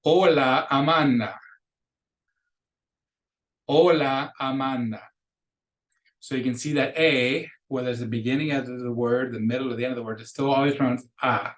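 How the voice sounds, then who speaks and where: A man teaching a recorded beginner language lesson, explaining casually and slowly modeling each phrase twice for students to repeat. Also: medium pitch, steady tone. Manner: casual explaining with restarts between drills. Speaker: Spanish teacher.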